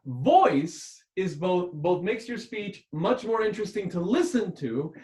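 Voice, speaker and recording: A man lecturing as a public speaking instructor who keeps shifting his volume and tone to sound expressive. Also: sits high. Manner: expressive, constantly varying volume and tone. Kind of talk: recorded lecture. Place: rented room used as a classroom. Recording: echoey room.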